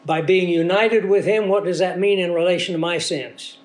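A man's voice: sits high, fairly even intonation, normal speed. A man preaching a sermon, teaching with rhetorical questions to the congregation and sounding a little congested. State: congested from a sinus infection. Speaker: pastor.

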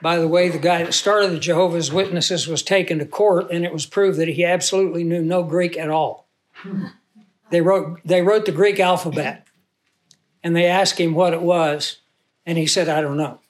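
A man preaching a Bible teaching sermon in a conversational way, asking the audience questions and reading scripture slowly with emphasis. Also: a little high, fairly even intonation. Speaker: pastor.

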